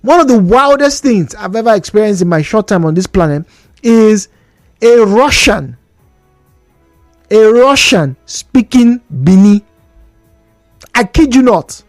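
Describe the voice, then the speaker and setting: Nigerian man, radio host, animated swinging pitch, dry close studio mic, chatty and questioning. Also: measured pace, long pauses, dry recording, soft background music. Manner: chatty, rhetorical questions, laughs between points. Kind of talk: call-in radio talk. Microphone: studio microphone.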